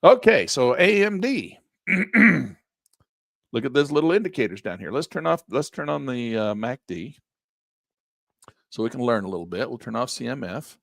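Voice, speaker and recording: A man teaching a live trading lesson, walking through charts in a folksy, excitable way while he is losing his voice. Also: mid-range voice, moderate pace, gravelly, long pauses, dry recording, clean studio sound. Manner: lively, folksy, exclaims at good numbers. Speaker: trading instructor.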